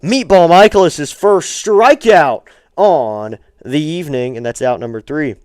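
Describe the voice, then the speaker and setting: A man hosting a live baseball stream, calling the action with a smooth, resonant voice. He stays calm between pitches, climbs on every hit, and chats with viewers by name. The sound is close and dry, with no room around it. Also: unhurried, no echo. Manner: chatty asides thanking viewers by name. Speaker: fan play-by-play host of a live stream. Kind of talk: amateur baseball play-by-play with viewer chat.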